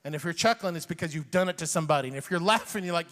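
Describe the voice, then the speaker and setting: Animated high-voiced stand-up comedian, man. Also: racing. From Iran. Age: 40s. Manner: animated, chuckles at own jokes. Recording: long hall reverb on stage.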